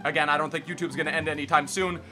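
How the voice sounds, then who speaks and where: Excitable young man, bright and brisk. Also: fairly high pitch. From Miami, United States. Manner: energetic, with sudden loud excited bursts. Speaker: gaming YouTuber host. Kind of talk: casual vlog Q and A. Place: bedroom at home.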